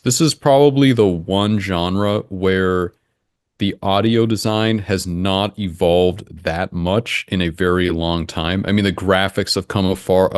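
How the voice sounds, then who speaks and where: A young man with a lowish voice gives relaxed interview answers, steady and matter-of-fact. He thinks aloud, building his points step by step. The sound is dry and close, with almost no room on it. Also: no room sound. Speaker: interview guest, engine simulation creator.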